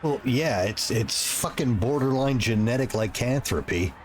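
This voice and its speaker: A man's voice: mid-range voice, animated, moderate pace, slight background noise. Chatty male streamer reading game text. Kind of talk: casual gaming commentary and reading game text aloud.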